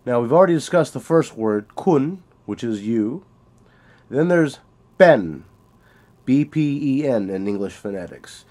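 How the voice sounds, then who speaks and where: A man giving a spoken language lesson, slowly sounding out example phrases and repeating them for the learner. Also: medium pitch, animated, dark tone. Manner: slow, deliberate, repeats example phrases with emphasis. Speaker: language teacher. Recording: home-made audio lesson.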